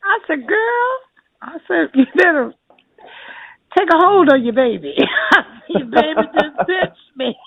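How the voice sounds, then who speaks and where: An older woman telling her story as an interview guest, animated and laughing often as she acts out what people said. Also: high-pitched, a little slow, gravelly, long pauses. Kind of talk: lively storytelling. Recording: tinny phone line.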